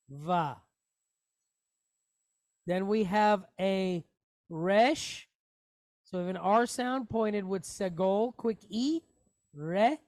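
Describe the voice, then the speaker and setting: A man's voice: high-pitched, a little mellow, dry recording. A man teaching a Hebrew reading lesson online, patiently spelling out letters and vowels with jokey asides. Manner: patient, explains step by step with asides.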